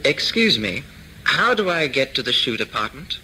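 A man's voice: medium pitch, sing-song, normal speed, pushed and bright, slight background noise, rough recording. Man reading as a polite woman shopper.

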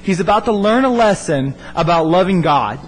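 Male youth pastor, high-pitched and lively, echoey hall, faint hum behind. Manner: animated, acts out characters' lines in quick voices. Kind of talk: sermon retelling a Bible story.

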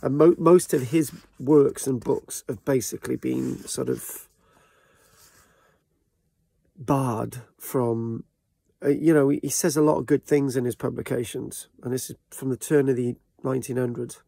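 Man, South Welsh accent, gravelly, dry close sound, hesitant casual talk. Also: medium pitch, fairly even intonation, a little slow, warm tone, no room sound. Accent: South Welsh, from Barry. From Wales. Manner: hesitant, with many fillers and restarts. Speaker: channel host, local historian.

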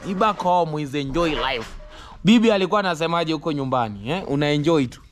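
A man's voice: a little high, animated, fast talker, faint music behind. A man talking casually to camera in broken English and coaxing his young children, in a home family vlog. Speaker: vlogger.

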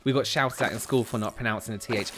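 A man's voice: on the low side, quick pace, fairly bright tone, slight background noise. A man with a southern English accent, chatting casually with his livestream audience, full of restarts and giggles. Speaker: gaming streamer reading chat.

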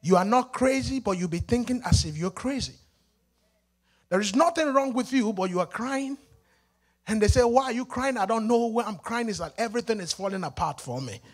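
A male pastor with a Nigerian accent preaching a sermon in a church, moving between hushed passages and shouted, sing-song calls to the congregation. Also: very high voice, expressive, brisk.

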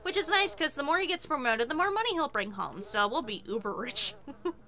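A woman chatting casually while playing a video game, excitable and quick to swear and laugh. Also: sits high, crowd noise. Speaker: game streamer. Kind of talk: casual gameplay commentary.

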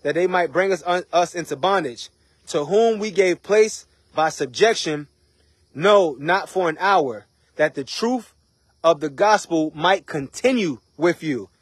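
Man, preacher, informal sermon, conversational, rhetorical questions, husky voice, dry sound. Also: on the high side, animated, unhurried, dry recording.

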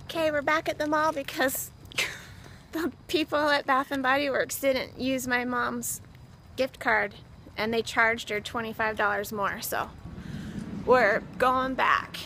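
A woman's voice: high-pitched, fairly even intonation, unhurried, bright, forceful tone, slight background noise. A woman chatting casually and rambling through her day for a vlog, filmed on a phone in a car. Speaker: vlogger. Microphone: phone camera.

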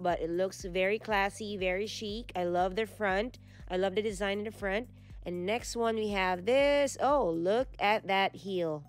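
A woman's voice: mid-range voice, clear, resonant tone. A woman vlogger giving casual shop-along narration inside a retail store, chatting about the items as she browses. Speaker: vlogger host.

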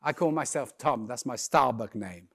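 A man giving a humorous keynote talk on stage, telling lively stories and acting out the voices of the people in them. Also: mid-range voice, moderate pace, creaky. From lives in London. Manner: lively storyteller, acts out quoted voices. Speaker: keynote speaker. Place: conference stage before a live audience.

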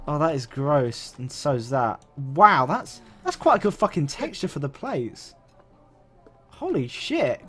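A young man commentates his game with a sweary, excitable delivery, reading out menu options as he goes. His voice sits a touch high and swings widely in pitch. Faint music plays underneath. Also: a little slow. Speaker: let's play host. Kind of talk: casual gameplay commentary.

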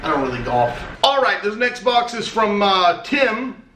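A man's voice: sits high, big pitch swings, unhurried, sharp tone, slight background noise. A man opening fan mail on a casual vlog, chatty and rambling, swearing now and then. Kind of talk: casual chat. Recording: echoey room.

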